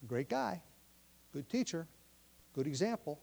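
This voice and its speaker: A pastor preaching a sermon, explaining the text from his notes and pressing his listeners with forceful questions. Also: on the high side, moderate pace. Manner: teaching from notes, explains word meanings.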